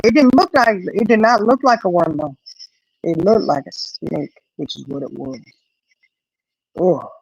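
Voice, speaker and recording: A middle-aged woman with a slightly rough, lowish voice tells a heartfelt story while casually chatting on her live stream. She puts on voices for the people she quotes and frequently says "you know." The sound is close, dry, dull and lo-fi, free of room echo.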